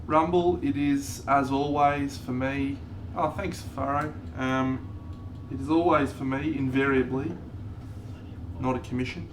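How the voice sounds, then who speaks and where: Slow laid-back man streaming. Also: mid-range voice, fairly even intonation, slight background noise. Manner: greets chat viewers while painting a model, laid-back. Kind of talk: casual live-stream chat.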